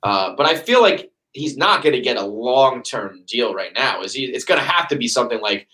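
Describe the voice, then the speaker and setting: A man hosting a casual sports podcast, ranting with heavy profanity and lively quoted asides. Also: mid-range voice, fairly quick, hardly any pauses, poor audio. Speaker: podcast host.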